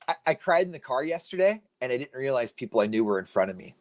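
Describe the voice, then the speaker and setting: A woman co-hosting a live stream, chatting in a playful, expressive way. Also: rumbling low, fast, no room sound. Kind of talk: casual chat.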